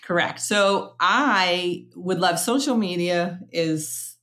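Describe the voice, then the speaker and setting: An upbeat woman hosts a casual podcast interview in a slightly low voice. She chats freely and loosely, circling back and restarting her thoughts as she talks. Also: slow, fairly bright tone. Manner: chatty and upbeat, rambling restarts. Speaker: podcast host.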